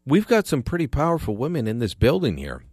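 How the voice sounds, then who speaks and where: A man's voice: mid-range voice, wildly swooping pitch, a little fast, a little mellow, no room sound. A man hosting a call-in radio talk show, opinionated and sarcastic with punchy emphasis, speaking into a studio microphone.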